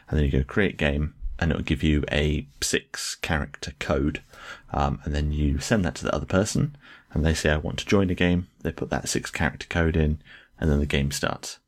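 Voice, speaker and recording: A man's voice: extremely low pitch, a little fast, a little mellow. A man co-hosting a podcast in casual chat, chatty and jokey, loose with fillers. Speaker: podcast co-host.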